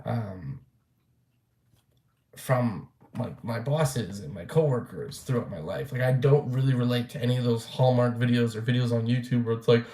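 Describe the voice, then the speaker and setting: A man's voice: medium pitch, moderate pace, a little mellow. Young man, casual vlog rant, blunt and profane, loose rambling delivery, roomy echo. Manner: rambling, blunt, swears freely, many fillers. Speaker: vlogger.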